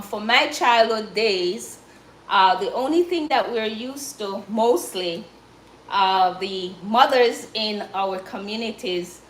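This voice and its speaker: A woman's voice: medium pitch, fairly bright tone, roomy sound, slight background noise, poor audio. A Jamaican woman chatting casually and encouragingly to viewers on a live stream while she cooks.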